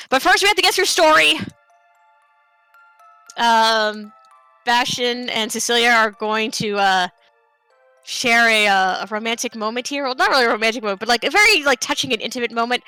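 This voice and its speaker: A woman speedrunner narrates her live game run in a loose, chatty way, full of fillers and playful asides. Her voice is high and bright. The talk is easygoing and conversational. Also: no echo. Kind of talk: casual live game commentary.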